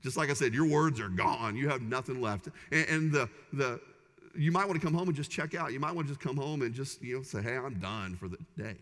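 A man's voice: medium pitch, brisk, fairly bright tone. A man preaching a sermon as pastor, conversational and humorous with punchy repeated phrases. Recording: long hall reverb.

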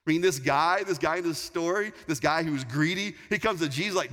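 A man in his forties, a pastor, preaching a sermon with animated, emphatic storytelling. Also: fairly high pitch, fairly quick. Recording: long hall reverb.

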